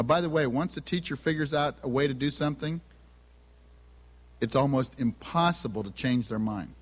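Man telling family stories in a reverberant hall. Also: medium pitch. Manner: humorous storytelling, acts out family dialogue. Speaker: speaker on family and spiritual gifts. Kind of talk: sermon with personal stories. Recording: long reverb of a large hall.

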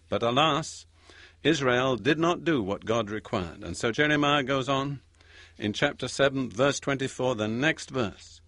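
A man preaching a sermon, reading scripture in a measured, emphatic way. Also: mid-range voice, lively intonation, fairly bright tone, no room sound.

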